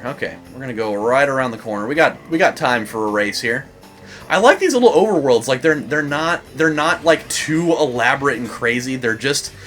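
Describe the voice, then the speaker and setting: A young man hosting a let's play, rambling through a story with frequent laughs and excited bursts at the game. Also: mid-range voice. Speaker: gaming channel host. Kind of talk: casual let's play commentary.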